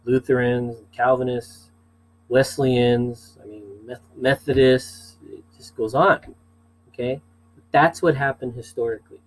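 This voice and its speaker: A man's voice: medium pitch, fairly even intonation, measured pace, a little hiss or hum, poor audio. Male teacher, casual lecture delivery, chatty with asides, mid-range voice. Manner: chatty, asides and fillers, checks in with "okay?".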